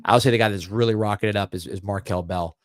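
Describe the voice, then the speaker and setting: Fast-talking man on a sports podcast. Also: lowish voice, dry recording, studio quality. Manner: relaxed, chatty, repeats words while thinking. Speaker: podcast host. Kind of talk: casual live-stream sports chat.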